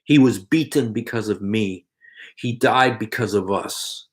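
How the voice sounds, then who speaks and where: An unhurried man with a lowish voice preaches earnestly on video, pleading with viewers and repeating his phrases again and again. He is a Christian preacher hosting an evangelistic vlog appeal.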